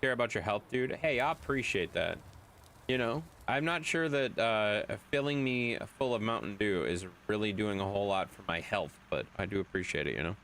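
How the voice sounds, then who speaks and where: A man's voice: lowish voice, expressive, moderate pace, fairly bright tone, a little hiss or hum. A man streaming a game late at night, reading chat aloud in a chatty way, swearing now and then.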